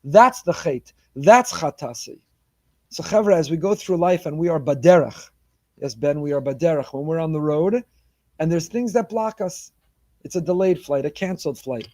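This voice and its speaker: A man, a rabbi, giving an animated sermon, weaving Hebrew phrases into his talk. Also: fairly high pitch, moderate pace, no echo.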